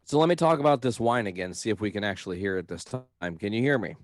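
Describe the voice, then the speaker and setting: A man with a lively, up-and-down voice on a casual podcast. He laughs easily and keeps things relaxed. The sound is dry and close to the mic. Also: on the low side, fast, dry recording. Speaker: podcast co-host. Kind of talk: casual chat.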